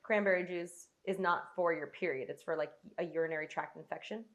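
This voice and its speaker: A woman's voice: on the low side, brisk. A woman co-hosting a casual podcast chat, joking and playful, sometimes putting on voices. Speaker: podcast co-host.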